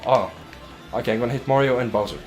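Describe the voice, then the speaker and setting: A young man hosting a let's play chats casually while playing a video game, rambling and restarting his sentences often. He talks fast in a mid-range voice, with soft music in the background.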